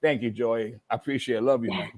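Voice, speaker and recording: Animated man telling a long story. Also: mid-range voice, fast talker, heavy background noise. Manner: animated storytelling, sprinkled with Spanish words. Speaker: guest storyteller. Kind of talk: casual chat.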